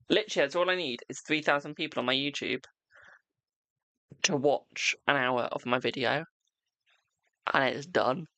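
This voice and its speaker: A card reader chatting casually to viewers on a home live stream, full of laughter and fond "my darling"s. The voice carries a gravelly, fry-edged texture at a middling pitch, and the sound is dry and close with no room echo. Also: pushed and bright.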